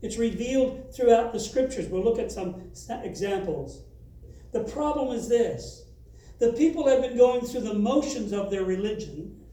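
High-voiced preacher in an echoey hall. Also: male voice, dark tone, distant mic. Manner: earnest preaching, reading scripture aloud with rising emphasis. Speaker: pastor. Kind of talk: sermon. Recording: very echoey, from away from the mic.

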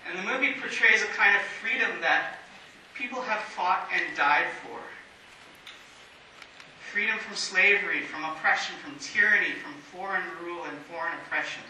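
A man preaches a sermon in a measured way, leaning on emphatic pauses. His voice sits high and sounds piercingly bright. It is recorded from a distance in a church that echoes heavily, with a faint hiss underneath. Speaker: pastor. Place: church sanctuary.

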